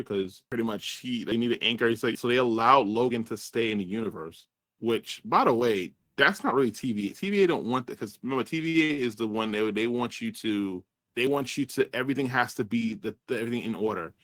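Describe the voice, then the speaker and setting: A man's voice: medium pitch, a little fast, a bit bright, no room sound. A man reviewing a movie in casual chat, rambling and swearing as he retells scenes. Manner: rambling, profane, acts out characters' lines.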